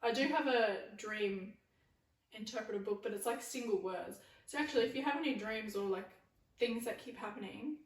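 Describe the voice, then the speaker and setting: Chatty young woman, echoey room. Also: fairly high pitch. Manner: chatty, quick bursts, lots of "like". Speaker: podcast co-host. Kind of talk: casual chat. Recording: echoey room, far from mic.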